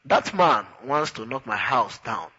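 A man's voice: medium pitch, expressive, unhurried, bright, forceful tone, breathy edge, long reverb tail, highs cut off, exaggerated voice. A man voicing an exasperated young Englishman who answers with sarcasm. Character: flustered indignant Englishman, young adult male.

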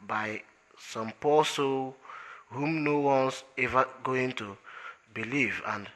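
A man's voice: medium pitch, slow, a bit bright. A man reading an audiobook, voicing a breezy, smug male alien traveler in an offhand, amused way.

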